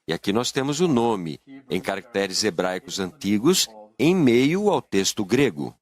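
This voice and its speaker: A man's voice: fairly low pitch, very animated, moderate pace. A man presenting in a lecture style, with an emphatic, argumentative delivery.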